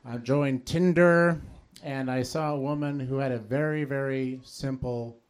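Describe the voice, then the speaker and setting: A man performing a stand-up comedy set on stage, telling conversational stories that build to quick punchlines. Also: mid-range voice, steady tone. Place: comedy stage before a live audience. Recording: live set with audience laughter. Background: crowd laughing.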